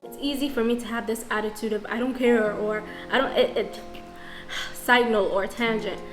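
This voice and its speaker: A woman's voice: on the high side, fairly even intonation, normal speed. A young woman from the diaspora talking straight to camera in a reflective vlog, frank and self-questioning, restarting her sentences as she thinks aloud. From Nigerian diaspora. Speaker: vlogger. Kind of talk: reflective casual vlog monologue. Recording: echoey room with faint music.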